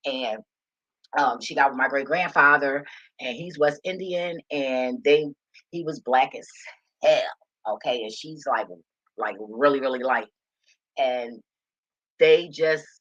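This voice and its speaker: A woman's voice: very deep voice, fairly bright tone, slightly rough. A woman giving a passionate, emotional and rambling casual monologue to her viewers. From Philadelphia. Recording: dull lo-fi recording.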